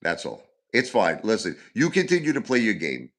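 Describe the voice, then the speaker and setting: A man's voice: on the low side, wildly swooping pitch, normal speed, fairly bright tone. A man hosting a livestream, venting in an agitated, repetitive rant. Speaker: livestream host.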